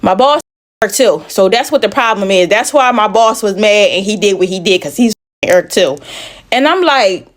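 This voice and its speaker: Animated woman telling a blunt story. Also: medium pitch. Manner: animated, acts out dialogue, blunt and profane; pauses to catch her breath. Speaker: truck driver telling her story. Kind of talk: casual storytelling.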